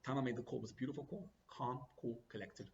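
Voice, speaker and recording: A man's voice: quick pace, highs cut off, a little hiss or hum. A man who is a rabbi, telling a story in a sermon and acting out the dialogue with big swings in his voice. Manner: animated, acts out dialogue with big pitch swings.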